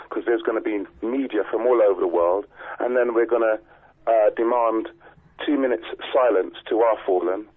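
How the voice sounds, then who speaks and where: A man calling into a radio show as a guest. He speaks earnestly and pauses to search for words. His voice comes through a thin, tinny phone line. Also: fairly low pitch. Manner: earnest, hesitant with fillers. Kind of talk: radio interview. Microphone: telephone.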